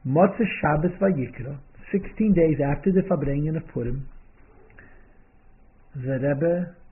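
A man's voice: on the high side, unhurried, slightly rough. A man telling a story to a listener in an informal, emphatic way, repeating words for stress and slipping in Yiddish terms. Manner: animated, emphatic, acts out quotes. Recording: tinny phone-like lo-fi sound.

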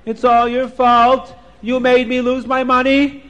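A man's voice: monotone, a little slow, fairly bright tone, long reverb tail. A man doing a wailing, sobbing old beggar. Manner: sobbing, high and pleading.

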